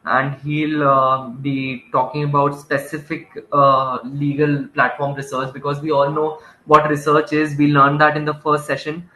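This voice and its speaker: A man's voice: on the high side, monotone, a little slow, hardly any pauses, sharp tone, poor audio. A man moderating an online legal masterclass, politely introducing the speaker and filling time with frequent "uh" fillers over a video call. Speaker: webinar moderator.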